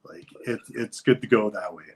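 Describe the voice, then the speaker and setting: A man's voice: fairly low pitch, moderate pace, breathy edge, low-quality recording. A man talking loosely as an interview guest, rambling with lots of filler words. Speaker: guest, wrestler. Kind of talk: casual interview chat.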